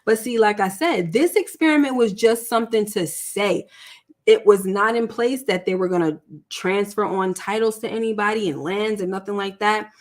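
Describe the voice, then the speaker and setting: A woman's voice: mid-range voice, moderate pace. A woman vlogger talking through a TV series recap in a loose, chatty way, full of "like" and "you know" and checking in with "right?". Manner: chatty, filler-heavy, asks for agreement. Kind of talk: casual TV show recap.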